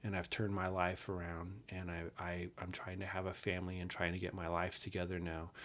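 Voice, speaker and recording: A man's voice: low voice, completely flat delivery, brisk, a bit bright. A man in his fifties telling a personal story from his youth in a frank, earnest way, with casual swearing.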